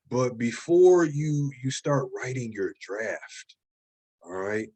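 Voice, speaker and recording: A man's voice: medium pitch, darkish tone. A man in the middle of a classroom lecture on writing, talking in a loose, conversational way. He repeats key questions and keeps checking in with his students, tossing in "right?" and "okay?" as he goes. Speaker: writing instructor.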